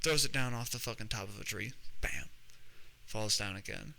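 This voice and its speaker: A man's voice: lowish voice, normal speed, vocal fry, bright, forceful tone, poor audio. A young adult man hosting a podcast, telling a comedic story in a profane, rambling way full of restarts. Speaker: podcast host.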